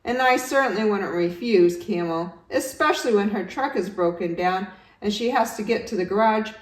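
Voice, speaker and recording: A woman voicing a cheerful, self-important yak taxi driver who never stops talking, rattling on fast and loud. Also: natural voice. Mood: chattering. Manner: rattles on fast, loud and high-pitched, barely pausing. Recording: roomy, distant home recording.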